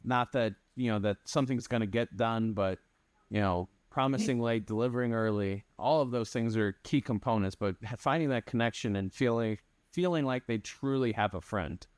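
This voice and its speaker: A man's voice: mid-range voice, normal speed, dry recording. A man hosting a podcast, chatting casually and backing up guests with short affirmations. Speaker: podcast host. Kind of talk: casual interview chat.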